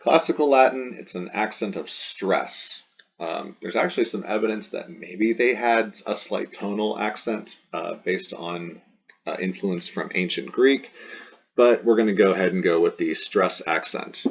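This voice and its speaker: A man's voice: sits low, unhurried, gravelly, a little hiss or hum. A man teaching a recorded language lesson, patiently repeating terms and examples and spelling out rules step by step. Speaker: Latin teacher. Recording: dull lo-fi recording.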